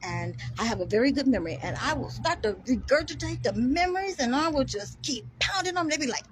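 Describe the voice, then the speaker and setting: A woman's voice: fairly high pitch, sing-song, brisk, a little hiss or hum. A woman delivering a defiant, profane rant to camera, combative and emphatic, repeating words for force. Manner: combative, heavy swearing, defiant.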